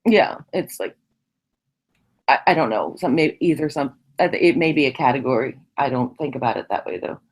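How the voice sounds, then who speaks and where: A woman chatting casually, an animated and frank storyteller. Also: rumbling low, moderate pace, slightly rough. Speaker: guest in conversation. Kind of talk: casual chat.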